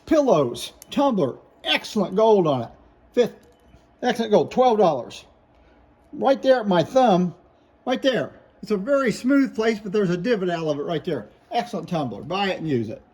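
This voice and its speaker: A man with a high voice runs through glassware for sale, one piece at a time. He names each item, points out chips and repairs, and gives the price in a plain, matter-of-fact way. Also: big pitch swings, moderate pace, darkish tone, slightly rough. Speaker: glass seller. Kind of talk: product showcase sales talk.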